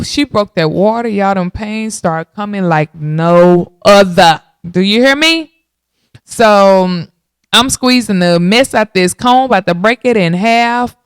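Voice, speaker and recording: A woman in her thirties hosting a podcast, telling her own story in a casual, animated way and talking straight to her listeners. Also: mid-range voice, slow pace, clean tone, no echo, studio quality. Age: 30s. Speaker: podcast host.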